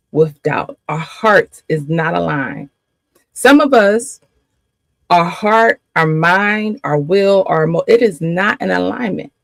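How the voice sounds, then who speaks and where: A woman's voice: on the low side, gravelly, no room sound. A woman faith coach giving a spirited teaching, repeating phrases for emphasis and laughing often.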